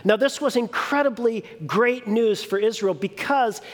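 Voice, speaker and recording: High-voiced man preaching in a big hall. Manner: teaching, rhetorical questions, emphatic pauses. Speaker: pastor. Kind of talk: sermon.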